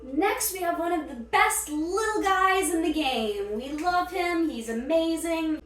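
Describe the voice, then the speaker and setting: A woman's voice: very high voice, expressive, measured pace, fairly bright tone, distant mic. A woman doing a comic skit as a teacher, punning on names and scolding her pretend class in a playful, mock-stern way. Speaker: sketch comedian playing a teacher. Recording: echoey room, off mic, faint music.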